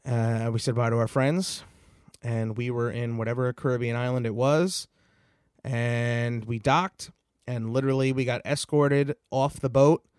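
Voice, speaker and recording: A young man hosts a podcast, telling a long personal story in a loose, rambling way packed with fillers and swearing. His voice sits at medium pitch and sounds clear and resonant, recorded cleanly in a studio with no echo.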